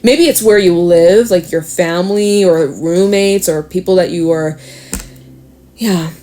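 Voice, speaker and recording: A woman's voice: on the low side, measured pace, dark tone. A young woman giving a casual tarot reading, talking to the cards as she draws them, swearing offhandedly and laughing often. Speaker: tarot reader.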